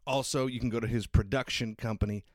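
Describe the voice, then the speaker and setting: A man's voice: mid-range voice, steady tone, quick pace, dry recording, studio quality. A man hosting a podcast, introducing his guest in a loose, chatty way full of fillers. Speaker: podcast host. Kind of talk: casual introduction and chat.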